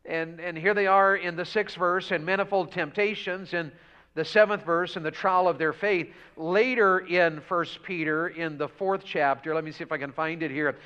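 A man's voice: a little high, fairly even intonation, normal speed, bright, forceful tone, smooth. A man preaching a revival sermon, folksy and full of questions to the congregation. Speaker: pastor. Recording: dull lo-fi church audio.

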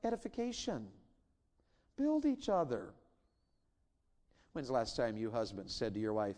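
A middle-aged man preaching a sermon in a church, swinging from loud emphatic lines to hushed intimate ones, with joking asides. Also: mid-range voice, huge pitch swings, measured pace, pauses often. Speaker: revival preacher. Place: church sanctuary.

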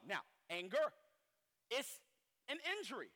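High-voiced animated male preacher in a hall. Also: measured pace, pauses often. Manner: animated, acts out quoted people, shouts for emphasis. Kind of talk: sermon. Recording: long hall reverb.

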